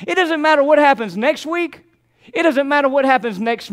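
A man's voice: very high voice, animated, moderate pace, fairly bright tone. An older man preaching a sermon as pastor, repeating phrases and calling out to his congregation.

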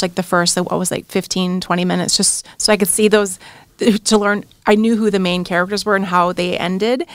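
A woman's voice: fairly low pitch, gravelly, no room sound. A woman co-hosting a library podcast about horror films, talking casually and rambling through her thoughts. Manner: rambling, restarts mid-thought. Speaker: podcast co-host. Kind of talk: casual chat. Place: quiet studio.

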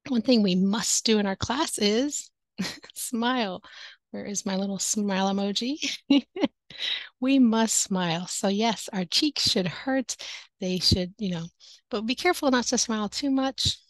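A woman teaching online speaks a little slowly in a mid-range voice, with no room sound in the recording. She gives other teachers casual advice in a bright, chatty way, laughing often as she talks into her headset and headphones.

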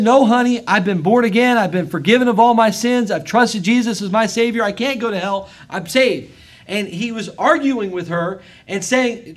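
American man preaching, high voice, emphatic and dynamic, measured scripture reading. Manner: emphatic preaching, swinging between loud and quiet; reads scripture aloud in a measured cadence. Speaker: pastor. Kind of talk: sermon. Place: church service.

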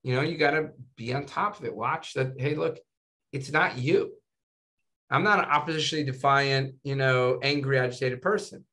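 A man's voice: medium pitch, moderate pace. A man speaking as a physician guest in a casual interview, telling stories animatedly and tagging his sentences with "right?" and "you know". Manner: animated storytelling, tags 'right?' and 'you know'.

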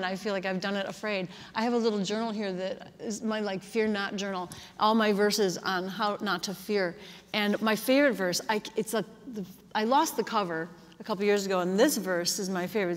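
Woman pastor, earnest conversational sermon, casual fillers, mid-range voice, long hall reverb. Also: mid-range voice.

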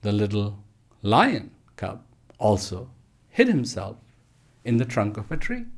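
Speaker, male, slow measured delivery, mid pitch, many pauses, parable and Q&A talk. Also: darkish tone. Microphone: live online stream.

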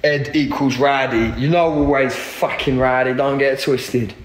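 A man's voice: medium pitch, steady tone, moderate pace, background noise. A young man, chatting casually on a phone live stream, laid-back and slangy with plenty of swearing. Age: 20s. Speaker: livestream host.

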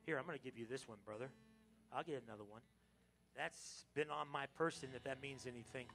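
Animated American pastor with a gravelly voice. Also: male voice, medium pitch, a little fast, soft background music. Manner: animated, joking with the congregation, sudden loud exclamations. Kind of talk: lively Palm Sunday sermon. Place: church sanctuary.

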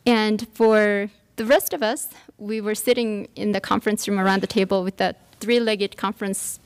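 A woman's voice: medium pitch, steady tone, normal speed, clear, resonant tone. A woman giving a workshop talk, telling a personal story with many fillers and restarts. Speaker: workshop speaker. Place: lecture room.

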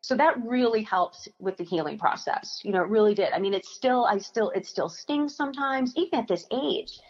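A young woman, a company founder, telling a personal story in a podcast interview, halting and emotional with frequent restarts. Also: fairly high pitch, lively intonation, slightly rough, muffled recording. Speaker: guest, company founder and chef.

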